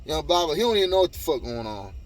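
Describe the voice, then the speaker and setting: A man with a slightly high voice fires off a heated story at rapid speed, very animated. It is a casual monologue full of swearing, and he keeps repeating himself as he retells it.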